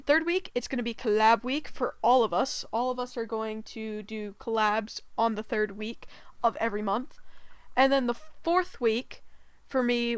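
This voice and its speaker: A woman's voice: fairly high pitch, clear, resonant tone, dry recording. A woman hosting a casual storytime vlog, giggly and rambling with many fillers. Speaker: gaming channel host.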